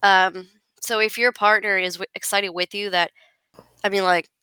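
A woman talking casually as a podcast guest, telling stories in an animated, chatty way. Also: mid-range voice, moderate pace, clean tone, dry recording, rough recording. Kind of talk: casual conversation.

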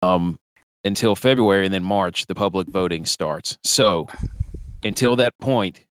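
A man's voice: sits low, measured pace, a little hiss or hum, rough recording. Laid-back man co-hosting a sports podcast. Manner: joking, laughing often. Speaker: podcast co-host. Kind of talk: casual chat.

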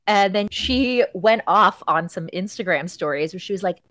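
A woman's voice: lowish voice, a little fast, fairly bright tone, no room sound. A woman co-hosting a podcast in casual, gossipy chat, peppering her talk with fillers. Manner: chatty, gossipy, lots of fillers. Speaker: podcast co-host.

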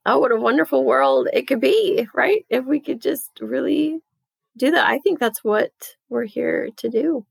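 A woman's voice: sits high, expressive, a little slow, gravelly, husky, dry recording, poor audio. A middle-aged woman telling an earnest, emotional personal story in a casual conversation. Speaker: guest.

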